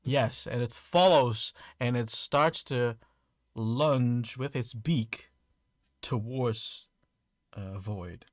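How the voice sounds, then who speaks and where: A man's voice: mid-range voice, extremely slow, dry recording. Man narrating as game master, dry sound. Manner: describes scenes with frequent restarts.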